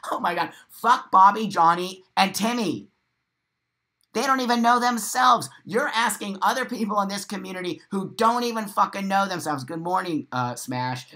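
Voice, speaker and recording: A man's voice: a little high, pushed and bright, low-quality recording. A man hosting a live morning show, talking straight to his viewers in an impassioned monologue. He is emphatic and blunt, swears freely, repeats phrases for stress and laughs between points.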